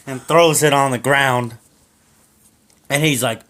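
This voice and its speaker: A man improvising a comic story, jumpy and animated, tripping over his words. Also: medium pitch, normal speed. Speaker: co-host storyteller.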